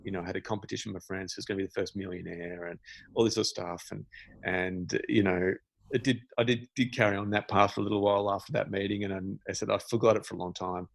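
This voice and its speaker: Low gravelly man telling a story. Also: fast talker, no echo. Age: 40s. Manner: reflective, animated storyteller with frequent restarts. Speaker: podcast guest, meditation teacher. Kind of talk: candid storytelling in a podcast conversation.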